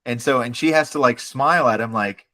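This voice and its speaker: A man co-hosting a podcast in casual chat, animated, acting out characters' lines. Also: medium pitch, a little fast. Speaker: podcast co-host.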